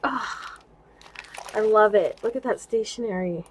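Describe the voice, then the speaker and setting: A woman's voice: mid-range voice, measured pace, slight background noise, poor audio. Gushing woman showing craft gifts. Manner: gushing and excitable, laughs often. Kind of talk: casual show-and-tell vlog.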